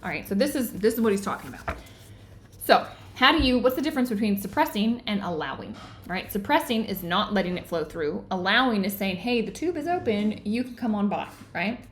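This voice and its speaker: A woman hosting an online book club, explaining ideas earnestly and often pausing to check in with her listeners. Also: medium pitch, animated, slight background noise. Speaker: book club host and teacher. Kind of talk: live online book discussion.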